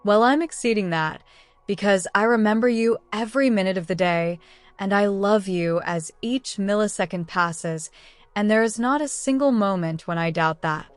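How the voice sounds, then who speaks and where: Woman reading tender young wizard, audiobook letter, plain middle pitch, faint music under it. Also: normal speed, clear, resonant tone, dry recording, close to an everyday voice. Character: young man, tender devoted wizard lover. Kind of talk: audiobook narration.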